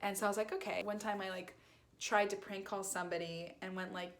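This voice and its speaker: A woman's voice: medium pitch, fairly even intonation, fairly quick, a bit bright. A young woman telling a casual storytime, rambling with lots of fillers and acting out quoted lines. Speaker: vlogger.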